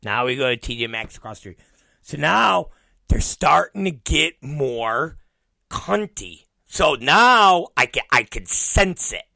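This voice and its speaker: A man's voice: fairly high pitch, big pitch swings, slow pace, creaky, pushed and bright, no room sound. A middle-aged man hosting a podcast, telling a long profane family story and acting out every quote. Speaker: podcast host. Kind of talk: storytelling monologue.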